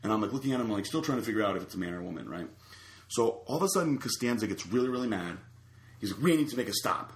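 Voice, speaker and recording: A man's voice: lowish voice, very fast, roomy sound. A man telling a long rambling story in casual chat, full of fillers and restarts. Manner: rambling, animated anecdote with many fillers.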